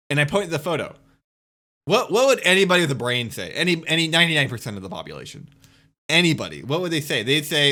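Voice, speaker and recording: A man's voice: a little high, big pitch swings, fast talker, sharp tone. A young man ranting casually as a streamer, exasperated and swearing as he rebuts a critic point by point.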